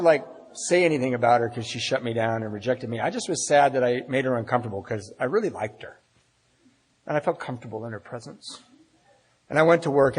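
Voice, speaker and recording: Husky man telling his story in a hall. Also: medium pitch. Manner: storytelling, self-mocking humor, acts out dialogue. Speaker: AA speaker. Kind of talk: personal recovery talk at a meeting. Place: meeting hall. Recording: husky voice in a long-reverb hall.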